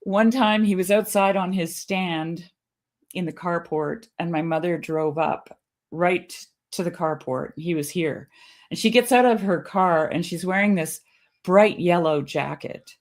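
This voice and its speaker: Lower-pitched woman telling lively stories. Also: a little slow. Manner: animated, laughing storyteller who acts out quotes in a varied pitch. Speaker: guest. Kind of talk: casual conversational storytelling.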